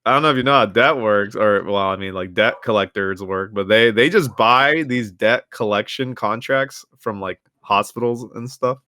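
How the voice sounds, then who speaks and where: A man's voice: lowish voice, normal speed, few pauses, bright, forceful tone, dry recording, clean studio sound. Rambling young man co-hosting a comedy podcast. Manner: rambling, jokey, slips into silly voices. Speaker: podcast co-host. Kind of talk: casual comedic chat.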